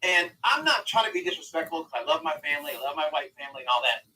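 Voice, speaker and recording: A man's voice: a little high, lively intonation, fast, bright, forceful tone, recorded from a distance, poor audio. A man calling in to a live talk stream, speaking in a heated, profane, rambling way. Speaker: caller. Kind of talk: heated call-in conversation.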